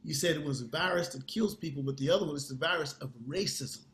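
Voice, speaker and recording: A man's voice: fairly high pitch, quick pace, a bit bright. An older man with a somewhat raised voice, speaking with conviction as a singer in an interview. His words come earnest and firm. There is an echo of the room around him. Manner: earnest, emphatic. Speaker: guest singer. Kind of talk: interview conversation.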